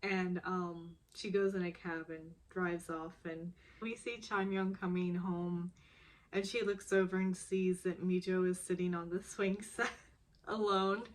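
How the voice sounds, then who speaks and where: A woman's voice: fairly low pitch, steady tone, a little slow. A woman recapping a drama episode in a casual, chatty way, laughing often as she talks.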